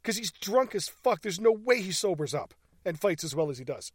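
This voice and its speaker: A man's voice: high-pitched, very animated, a little fast, husky, no room sound, clean studio sound. A man co-hosting a casual movie podcast, recapping scenes with swearing and laughter. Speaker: podcast co-host. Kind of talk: casual movie commentary chat.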